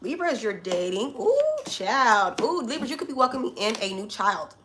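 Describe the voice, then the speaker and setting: A woman's voice: a little high, lively intonation, normal speed, fairly bright tone, a little hiss or hum. A woman giving a casual collective tarot reading from home. She talks directly to her listeners and calls them honey and child. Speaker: tarot reader.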